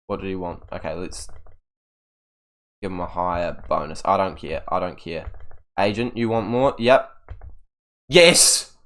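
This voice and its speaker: A young man commentating on his own video game, exasperated and swinging between loud outbursts and low muttering. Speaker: gaming video creator. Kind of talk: live gameplay commentary.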